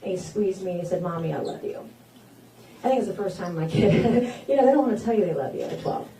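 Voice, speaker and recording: A woman's voice: mid-range voice, lively intonation, very fast, dark tone, slight background noise. A woman in her forties gives a campaign stump speech, telling folksy personal stories that build to rousing declarations. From South Carolina. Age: 40s. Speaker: politician at a campaign town hall. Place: event hall with an audience. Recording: echoey hall, voice caught from a distance.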